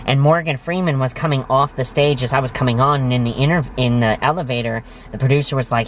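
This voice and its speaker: An enthusiastic male vlog host tells his stories straight to the camera in a casual, effusive way. His voice sits at an ordinary middle pitch, and he piles on words of praise. A faint hiss of noise sits under the voice. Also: fairly even intonation, fast, hardly any pauses.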